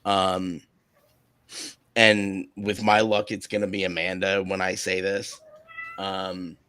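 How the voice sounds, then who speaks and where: A man's voice: sits low, little pitch movement, slow, sharp tone, clear, resonant tone, no room sound. A man hosting a live stream, chatting casually with a co-host, hesitant and often chuckling. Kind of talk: casual chat.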